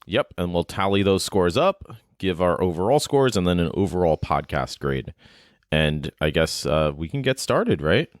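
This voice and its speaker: A man's voice: deep voice, animated, moderate pace, no room sound, studio quality. A man co-hosting a podcast, chatting casually in a rambling, hesitant way with lots of fillers. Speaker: podcast co-host.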